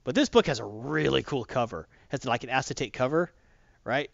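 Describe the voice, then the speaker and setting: A man's voice: mid-range voice, lively intonation, brisk, gravelly, no echo. A man hosting a comics podcast, rambling and chatty with lots of fillers, recorded dull and lo-fi. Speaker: comic book podcast host. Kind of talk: casual chat.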